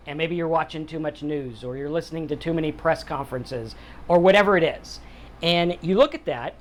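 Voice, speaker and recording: Conversational middle-aged man hosting a podcast. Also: fairly high pitch. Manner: conversational, acts out quotes in other voices. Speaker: podcast host. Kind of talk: casual motivational talk on sobriety.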